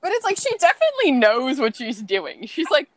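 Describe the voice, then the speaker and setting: A young woman co-hosting a podcast, chatting casually and relaxed, saying "like" often. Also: high voice, fairly quick, dry recording. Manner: relaxed, says "like" a lot. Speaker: podcast co-host. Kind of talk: casual chat.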